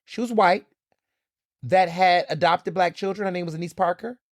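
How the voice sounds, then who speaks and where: A male podcast host, speaking in a sassy, animated, conversational manner. His voice sits fairly high for a man, and the recording is close and very dry. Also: moderate pace, no room sound. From Texas. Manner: animated, sassy, conversational, addresses listeners as y'all and baby. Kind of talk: solo podcast commentary.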